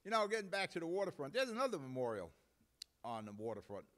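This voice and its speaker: A New man hosts a live local talk show in a blunt, indignant rant. His pitch swings widely as he works himself up. He curses freely and talks straight at the viewer. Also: sing-song, fast, a bit bright. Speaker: host.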